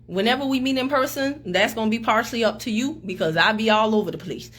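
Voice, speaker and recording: A woman team leader chatting casually on camera with her team, lively, teasing and motivational. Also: a little high, fast. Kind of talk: casual group chat on camera.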